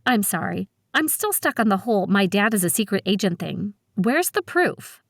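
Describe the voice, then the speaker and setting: A woman's voice: medium pitch, very animated, moderate pace, no room sound, studio quality. A woman voicing a blunt, wary teen girl. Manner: guarded, blunt, sarcastic. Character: wary, sharp-tongued seventeen-year-old girl. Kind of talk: audiobook character voice.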